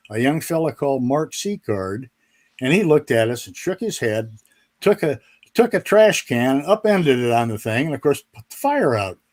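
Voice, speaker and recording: A man's voice: a little high, darkish tone. An older man, a retired fighter pilot, telling folksy stories as a guest on a video call and chuckling through his restarts. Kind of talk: storytelling in a live interview.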